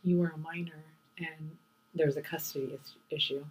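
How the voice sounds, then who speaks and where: A middle-aged woman, a mother co-hosting a podcast, speaking softly and reflectively about the past. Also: low-pitched, steady tone, moderate pace. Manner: soft-spoken, emotional, reflective. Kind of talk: casual chat. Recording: distant mic with faint hum.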